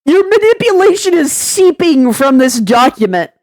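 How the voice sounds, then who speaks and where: Woman vlogger, high voice, sarcastic venting with frequent laughs, dry close sound. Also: big pitch swings, normal speed, a little mellow, dry recording. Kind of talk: venting commentary.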